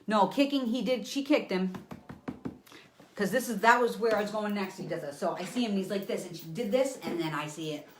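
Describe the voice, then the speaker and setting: A woman psychic medium giving a live reading for viewers. She is animated, blunt and profane, acting scenes out with sound effects and talking to an unseen listener. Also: medium pitch, brisk, noisy background.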